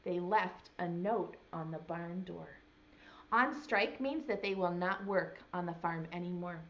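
A young woman preschool teacher reading a picture book aloud, gently stopping to ask the children questions. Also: lowish voice, unhurried, dull audio. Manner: gentle, asks children questions as she reads. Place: home video lesson.

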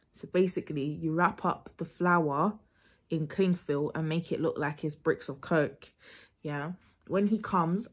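A young woman with a London English accent talks casually to camera from home. Her voice is husky and slightly breathy. She rambles and restarts her sentences as she chats. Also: low voice. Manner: chatty and rambling, with frequent restarts and laughter. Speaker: vlogger. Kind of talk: casual vlog chat to camera.

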